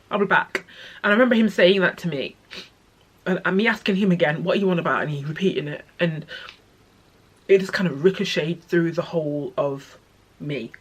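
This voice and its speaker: A young woman telling a personal story in her vlog, tearful and halting, with many pauses and restarts. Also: fairly low pitch, husky. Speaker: vlogger.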